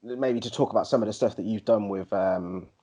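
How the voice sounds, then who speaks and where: A man, co-hosting a podcast and telling animated, slangy stories in casual chat. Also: on the low side, a little fast. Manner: animated storyteller, slangy, slips into put-on MC voices. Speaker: podcast co-host.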